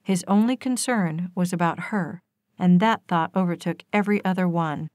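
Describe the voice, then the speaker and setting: A woman narrating a romance novel as an audiobook, with steady, expressive storytelling. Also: on the low side, moderate pace, no room sound, studio quality.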